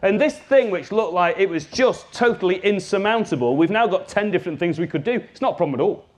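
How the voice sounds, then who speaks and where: A man giving a live workshop talk as a business trainer, lively and jokey, speaking straight to his audience. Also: sits high, quick pace.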